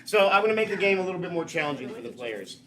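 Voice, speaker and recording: A man hosting a live improv comedy show, chatty and quick to laugh, with hesitant fillers. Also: high-pitched, expressive, fairly bright tone. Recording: noisy live stage recording.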